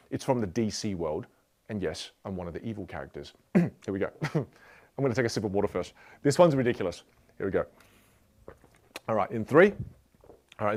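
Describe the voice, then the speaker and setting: A man teaching a motivational communication lesson, speaking playfully and directly to the listener. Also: medium pitch. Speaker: communication coach.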